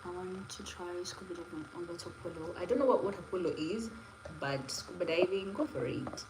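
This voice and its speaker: A young Kenyan woman with a fairly low voice chats loosely on a phone livestream, rambling from one story to the next with a Kenyan accent. Her voice rings in an echoey room, with faint noise underneath. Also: a little fast. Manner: chatty, rambling, laughing asides. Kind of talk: casual live stream chat.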